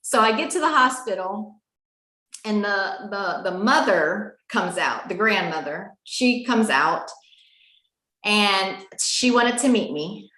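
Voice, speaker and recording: A woman's voice: mid-range voice, takes it slowly. A woman telling an emotional personal story, acting out the dialogue as she goes. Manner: animated, acts out quoted dialogue. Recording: roomy echo.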